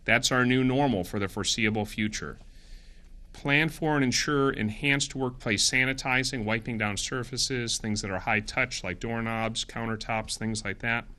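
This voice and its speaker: A middle-aged man, briefing the press on health guidelines in an earnest, brisk way and correcting himself as he goes. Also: mid-range voice, sharp tone.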